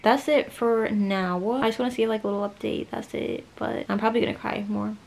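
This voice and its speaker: A young woman chats straight to her camera in a loose, emotional way, peppering her talk with "like" and slang. She has just been crying and still sounds weepy. Her voice carries a noticeable gravelly fry. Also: mid-range voice, steady tone, fairly quick, a little mellow, a little hiss or hum. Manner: chatty and emotional, slangy, fillers of "like". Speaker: vlogger. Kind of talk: casual storytime chat to camera.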